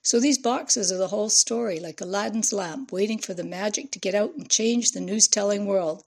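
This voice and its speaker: A woman's voice: mid-range voice, moderate pace, vocal fry, a little mellow. Randy, a woman doing a pushy young hustler. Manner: pushy, slangy, salesman-like. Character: brash young male media hustler.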